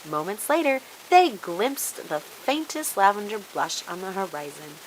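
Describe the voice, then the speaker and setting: A woman reading a children's storybook aloud in an expressive, animated way. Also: mid-range voice, unhurried, slight background noise, rough recording.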